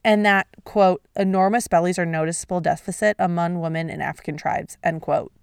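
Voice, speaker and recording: A woman hosting a solo podcast in a casual, expressive way, swearing and laughing at her own stumbles. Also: fairly low pitch, fairly quick, creaky, clear, resonant tone, dry recording, clean studio sound. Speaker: podcast host.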